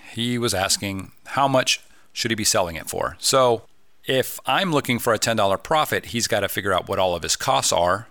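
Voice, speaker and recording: A man's voice: lowish voice, sharp tone, smooth, no room sound. A man hosting a podcast, talking casually and upbeat, often asking listeners rhetorical questions. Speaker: podcast host. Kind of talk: casual solo podcast talk.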